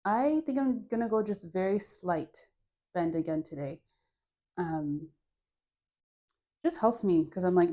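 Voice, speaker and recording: A woman with a Caribbean accent leading a guided dance class, relaxed and playful, counting moves and sighing through deep breaths. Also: moderate pace. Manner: playful, laughs at her own jokes. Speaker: dance instructor.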